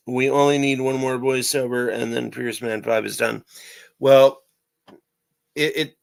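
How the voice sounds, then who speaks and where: Gravelly-voiced man rambling in a vlog. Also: mid-range voice, pushed and bright, rough recording. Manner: rambling, repeats himself, many fillers. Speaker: amateur animator and writer. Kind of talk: casual vlog monologue.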